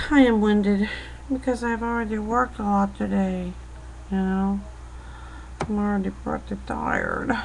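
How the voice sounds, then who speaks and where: An American woman rambles to her webcam in a slow, unhurried, chatty way, often turning to speak straight to the viewer. Her voice sits a little high and has a gravelly, creaky texture, and she pokes fun at herself as she goes. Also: slight background noise, low-quality recording. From United States. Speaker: vlogger. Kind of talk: casual chatty monologue to a webcam. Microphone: built-in webcam mic.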